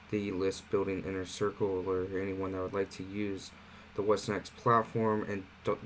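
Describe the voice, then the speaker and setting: Man, lowish voice, relaxed tutorial host, faint air-conditioner hum in the room. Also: rough recording. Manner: relaxed, conversational walkthrough with fillers. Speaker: online marketing platform host. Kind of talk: casual screen-share tutorial.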